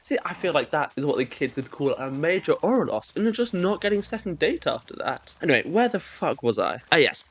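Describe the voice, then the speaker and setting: A man's voice: sing-song, brisk, hardly any pauses, breathy edge. Sarcastic young man ranting. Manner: sarcastic, mock-self-righteous, mimics kids in shrill squeaky voices. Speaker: comedic storyteller. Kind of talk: comedic monologue.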